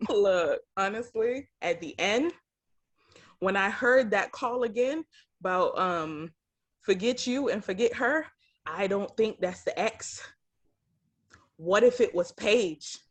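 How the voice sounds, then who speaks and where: A woman's voice: medium pitch, expressive, takes it slowly, long pauses. A woman co-hosting a reaction show, chatting casually and giving outspoken, slang-heavy opinions. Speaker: co-host of a reality TV reaction show. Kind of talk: casual chat reacting to a TV episode.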